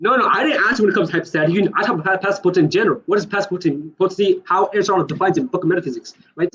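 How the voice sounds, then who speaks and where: A man in a heated online debate, talking fast and insistently, repeating himself and talking over his opponent. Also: high voice, a bit bright, breathy edge, no room sound, muffled recording.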